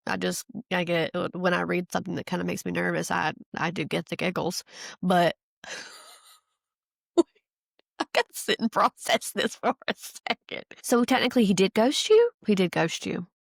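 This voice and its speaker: A woman hosting her own podcast, chatting casually and reading out a listener's story, giggling easily and talking in an animated, lively way. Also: fairly low pitch, creaky, no echo, studio quality. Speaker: podcast host. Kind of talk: casual solo podcast chat.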